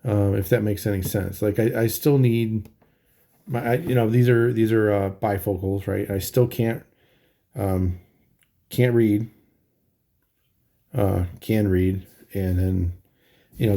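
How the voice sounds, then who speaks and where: Gravelly tired man, halting diary talk. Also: fairly low pitch, fairly even intonation, warm tone. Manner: halting, many ums and restarts. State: tired, yawning. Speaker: vlogger. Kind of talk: casual daily video diary.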